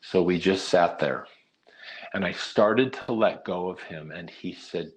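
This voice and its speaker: A middle-aged man with a very low, deep voice gives an earnest talk as a nonprofit leader. He tells his story in a steady way and often drops in "uh" between phrases. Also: measured pace.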